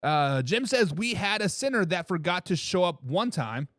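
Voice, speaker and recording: Excitable man hosting a sports stream. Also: high-pitched, normal speed, no room sound, clean studio sound. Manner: excitable, laughs and repeats himself, teases commenters. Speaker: sports talk show host. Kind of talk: live-stream chat reading viewer comments.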